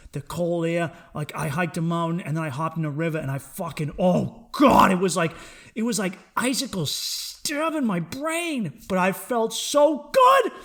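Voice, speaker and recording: A young man hosting a solo podcast, ranting in a profane, excitable way that swings between loud outbursts and low mutters. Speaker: podcast host.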